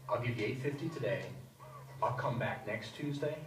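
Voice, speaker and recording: An actor playing a pushy customer, wheedling for a lower price. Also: male voice, moderate pace, recorded from a distance, natural voice. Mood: pleading. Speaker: customer haggling over a price. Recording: video played in echoey hall, noisy.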